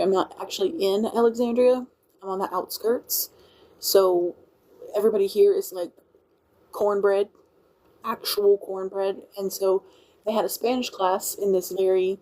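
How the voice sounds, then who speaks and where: A woman's voice: medium pitch, warm tone, poor audio. A woman from Louisiana with a country and Cajun accent, chatting casually on a livestream and thanking her viewers as she rambles. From Louisiana, USA. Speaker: livestream host. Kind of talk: casual live-stream chat.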